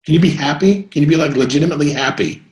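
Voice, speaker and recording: A man giving a live sales coaching talk to a group, energetic and rambling, breaking into sudden whoops. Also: fairly high pitch, rapid-fire, roomy sound.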